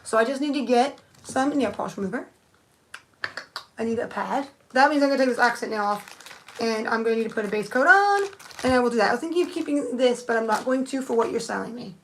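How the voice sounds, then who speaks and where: A woman's voice: on the high side, animated, quick pace, slight background noise. A young woman thinking aloud in a rambling, casual live-stream chat, answering viewers with many restarts. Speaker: nail art streamer.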